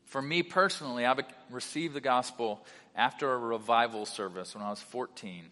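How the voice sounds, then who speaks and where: A man preaching a sermon as pastor, mixing animated delivery with casual conversational asides. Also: medium pitch, normal speed. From South Carolina. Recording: long hall reverb.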